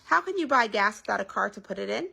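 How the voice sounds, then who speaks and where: Woman doing eager storybook boy, bright, bouncy, husky. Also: medium pitch, lively intonation, fast talker, full character voice. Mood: curious. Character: curious little boy, proud and eager.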